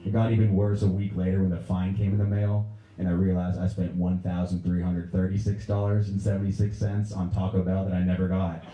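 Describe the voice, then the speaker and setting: A young man from Pennsylvania doing a stand-up routine in a Pennsylvania accent, telling stories deadpan and breaking into raised voices for other people. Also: sits low, fairly quick, distant mic. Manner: deadpan storytelling, acts out characters in raised voices. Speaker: stand-up comedian. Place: movie theater stage. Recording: echoey room.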